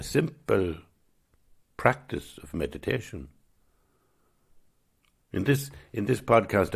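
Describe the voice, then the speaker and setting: A man hosting his own podcast, giving a gentle, musing spiritual talk at an unhurried pace. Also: rumbling low, vocal fry, husky. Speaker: podcast host.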